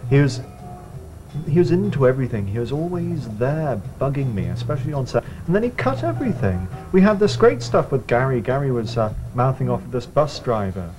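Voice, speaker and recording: A man's voice: medium pitch, very animated, fairly quick, a little mellow, low-quality recording. A man as a film director in a mockumentary interview, bitter and scornful, complaining. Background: music.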